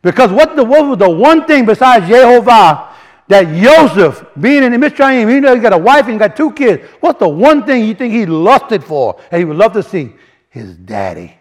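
A man teaching a sermon in a casual, animated way, often restarting phrases and building emphasis. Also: very high-pitched, moderate pace. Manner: animated, repeats and restarts, rising emphasis, colloquial grammar. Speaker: preacher. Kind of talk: sermon teaching from word studies.

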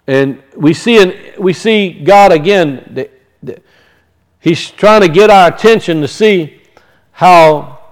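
Male preacher, resonant voice, fairly high pitch, scripture reading, frequent restarts. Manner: reads scripture slowly, then explains it with frequent restarts.

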